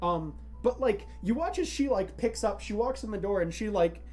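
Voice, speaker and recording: A man's voice: sits high, animated, moderate pace, darkish tone, faint music behind. A man narrating as game master of a tabletop game, rambling with lots of fillers. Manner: rambling, full of fillers and laughs.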